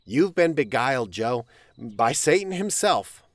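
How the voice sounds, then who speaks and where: A man's voice: medium pitch, big pitch swings, a little slow, dry recording, studio quality. A man voicing an angry, scornful young farm brother in a storybook reading. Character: furious hot-headed young farm brother.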